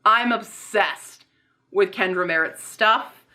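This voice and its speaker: A woman's voice: mid-range voice, slow pace. A woman chatting casually in a Q&A vlog, bubbly and rambling, restarting her sentences as she thinks. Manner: talks softly and coos to her pets. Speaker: booktube author and vlogger.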